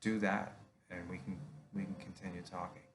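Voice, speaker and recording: Deep gravelly man telling a confession. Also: level tone, moderate pace. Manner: candid, confessional, quotes others in his own voice. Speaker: speaker telling his own story. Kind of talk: personal storytelling monologue.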